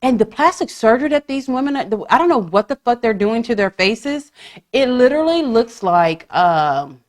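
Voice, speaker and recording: A woman's voice: fairly high pitch, very animated, normal speed. A woman hosting a podcast, chatting casually with swearing and gossipy humor. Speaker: podcast host. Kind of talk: casual chat.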